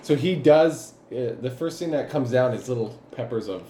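Male game master, mid-pitch, casual and giggly, roomy echo with faint noise. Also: animated, moderate pace, warm tone. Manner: laughs often, loose and rambling. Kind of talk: narrating a tabletop game.

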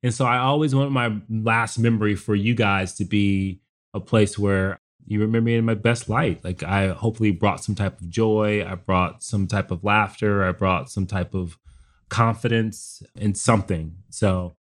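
A man's voice: lowish voice, steady tone, moderate pace. A middle-aged man, a father, talking earnestly in a casual family chat, often restarting his sentences. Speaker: father and podcast co-host.

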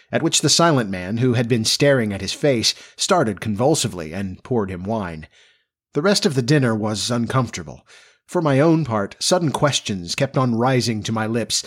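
A man narrating a classic novel in a measured, even storytelling manner. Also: lowish voice. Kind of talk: audiobook reading of a classic novel.

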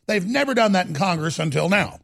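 A man hosting a talk radio show, delivering a heated, ranting monologue that swings between loud and quiet. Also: high voice, expressive, a little fast, vocal fry, no echo, studio quality.

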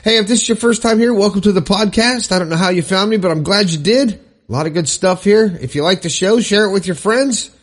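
A man's voice: high voice, fairly quick. Cheerful chatty man hosting a podcast. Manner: cheerful, chatty, laughs at own jokes. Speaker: podcast host. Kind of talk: upbeat solo podcast talk.

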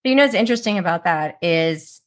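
A woman's voice: fairly low pitch, expressive, fairly quick. A middle-aged woman hosting an interview over a video call, chatty and full of energy. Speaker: interview host.

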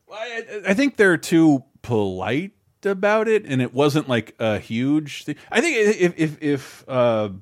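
Rambling, swearing podcast host. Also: male voice, on the high side, sing-song, unhurried, hardly any pauses, no echo, studio quality. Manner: rambling, swearing, lots of restarts. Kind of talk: casual chat.

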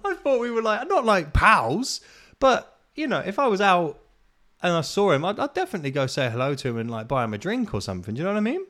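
A man's voice: high-pitched, very animated, fairly quick, a bit bright. A man hosting a solo podcast, ranting in a casual, exasperated way with plenty of swearing and self-deprecating laughs. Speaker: podcast host.

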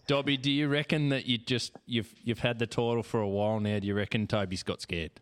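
A man's voice: medium pitch, steady tone, normal speed. An Australian man hosting a podcast in casual chat, rambling and filling his sentences with "you know". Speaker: podcast host.

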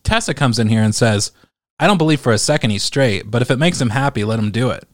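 A man's voice: mid-range voice, expressive, fast, no room sound. Male commentator, casual rant, profane and exasperated, dry studio sound. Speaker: commentator reading online comments.

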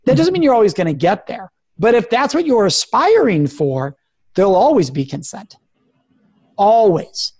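A man's voice: sits high, big pitch swings, moderate pace, a little mellow, husky, dry recording, clean studio sound. A man who is a guest expert on a radio talk show, speaking earnestly and coaching listeners with example phrases. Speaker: guest expert on sexual respect.

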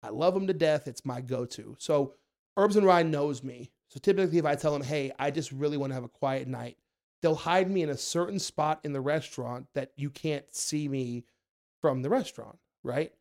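A young man tells a story in a relaxed podcast chat, his voice sitting a bit high. He jumps up in pitch to act out the people he quotes, then drops back into easy talk. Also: normal speed. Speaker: guest, food content creator.

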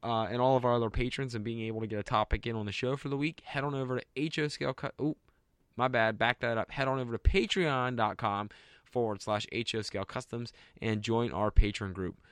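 A man's voice: mid-range voice, fairly even intonation, brisk, clear, resonant tone, no room sound. Man, podcast host, jokey banter, dry close sound. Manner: jokey and upbeat.

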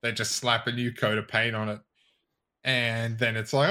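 A man's voice: medium pitch, little pitch movement, normal speed, sharp tone. A man co-hosting a casual podcast, ranting in a fired-up way and swearing freely. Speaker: podcast co-host.

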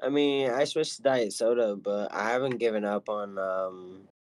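A man's voice: on the low side, moderate pace, darkish tone, no echo. Laid-back young man, dry sound. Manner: laid-back, hesitant, swearing. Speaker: podcast guest. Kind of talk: casual chat.

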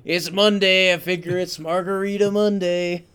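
A man's voice: sits high, level tone, moderate pace, a bit bright, clear, resonant tone, pitched above the performer's own voice. A man doing a chipper guy with a thick Boston accent.

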